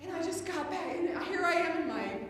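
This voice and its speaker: A spirited woman preaches a humorous sermon, swinging her high, lively voice from hushed lines into big outbursts. Her tone is bright. She sounds far from the mic in a roomy hall with a long echo. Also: brisk, a little hiss or hum. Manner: animated, acts out her own scared voice and loud outbursts. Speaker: spiritual director.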